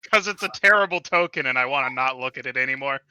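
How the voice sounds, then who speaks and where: A man plays a tabletop game and grumbles bluntly about what he sees. His pitch sits in the middle. Loud crowd noise runs behind him. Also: lively intonation, a little fast, poor audio. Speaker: player. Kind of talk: casual game chat.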